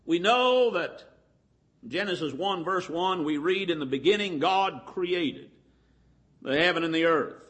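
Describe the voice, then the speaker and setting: Male preacher, high tense voice, deliberate emphatic sermon reading. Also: lively intonation, bright, forceful tone. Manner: deliberate, stretches key words slowly. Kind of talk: Bible lesson sermon.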